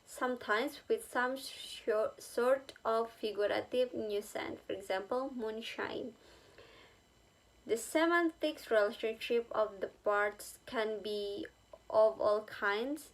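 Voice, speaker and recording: A woman lecturing in a slow, deliberate way, pausing often on fillers and saying each example twice. Her voice sits fairly high, and she keeps stopping to check that the listener is following. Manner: halting, with many fillers and repeated examples. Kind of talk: recorded linguistics lecture.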